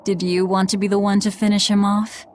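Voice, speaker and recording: A woman's voice: medium pitch, flat delivery, brisk, darkish tone, slight background noise, close to an everyday voice. A woman voicing a blunt, guarded young woman. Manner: blunt, terse, subdued. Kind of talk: game voice acting.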